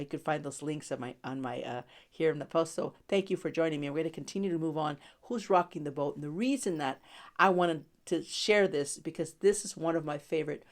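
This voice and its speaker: A woman hosts a devotional podcast in a low, gravelly voice. She talks conversationally and casually, with many fillers and frequent laughter. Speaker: podcast host and Bible teacher.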